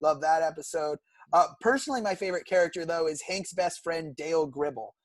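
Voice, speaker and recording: A man's voice: a little high, brisk, dry recording. A young man from California, co-hosting a podcast and eagerly retelling cartoon episodes in casual chat. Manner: enthusiastic, recounts plots at length. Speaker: podcast co-host.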